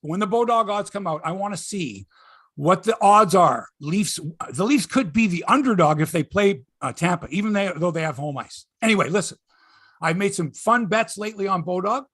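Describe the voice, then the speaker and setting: A middle-aged man hosting a sports podcast in casual chat, excitable and jumping between topics. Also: high-pitched, moderate pace, slightly rough, no echo, studio quality. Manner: excitable, jumps between topics, chuckles and trails off.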